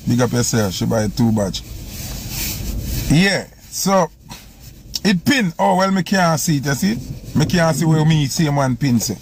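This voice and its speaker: A man's voice: a little high, animated, unhurried, long pauses, a little hiss or hum. A man with a Jamaican accent chatting casually on a phone live stream, rambling and repeating himself while he scrolls through comments. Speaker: selector going live.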